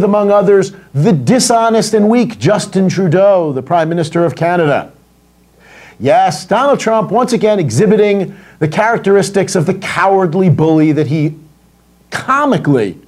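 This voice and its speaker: A middle-aged American man hosts a political commentary rant. His voice sits high for a man and swings widely in pitch. He sounds indignant, sarcastic and openly profane. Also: darkish tone. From United States.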